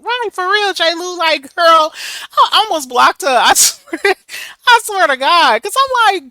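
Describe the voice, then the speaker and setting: A young woman hosting a casual livestream, sassy and emphatic, chatting with viewers and softly reading out their comments. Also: very high-pitched, very animated, normal speed, dry recording. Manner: drops to a soft murmur reading viewer comments. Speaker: livestream host reading chat.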